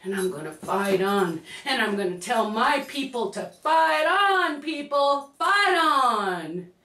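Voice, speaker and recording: A woman giving an emphatic, repetitive motivational pep talk, breaking into shouts. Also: fairly high pitch, very animated, slow pace. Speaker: motivational speaker. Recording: echoey room, distant mic.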